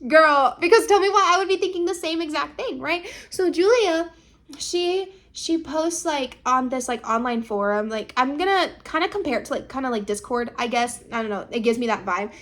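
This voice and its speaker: A young woman in her twenties chatting casually as she recaps a drama episode, gushing and dramatic, full of fillers and quick asides to the listener, sometimes acting out characters' lines. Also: high-pitched, expressive, a bit bright. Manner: talks fast with lots of fillers and asides to the listener.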